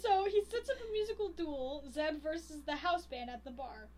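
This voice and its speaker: A woman's voice: high voice, expressive, normal speed, a crowd in the background. A woman co-hosting a podcast, retelling a movie plot in a rambling, giggly way. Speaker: podcast co-host recapping a movie. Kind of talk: casual chat, plot retelling.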